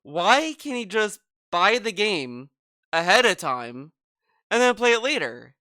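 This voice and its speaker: A man's voice: sits high, big pitch swings, unhurried, sharp tone, no echo. A man hosting a reaction commentary video, ranting in a mocking, profane way about a streamer.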